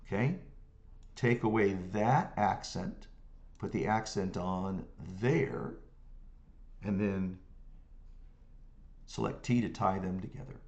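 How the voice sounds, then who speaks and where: Man guiding a software tutorial. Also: lowish voice, slow pace, gravelly, pauses often, dull audio. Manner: talks through clicks step by step, hums rhythms as syllables; checks in with the viewer often. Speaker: music notation software teacher. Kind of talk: screen-recorded software tutorial.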